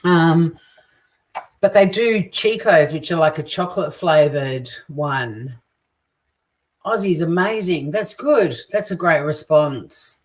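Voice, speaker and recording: A woman's voice: low voice, lively intonation, slow pace. An Australian woman hosting a casual live cooking stream, chatting, joking crudely and reading out viewer comments as she cooks. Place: home kitchen. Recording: distant mic with faint kitchen clatter. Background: clinking dishes and cutlery.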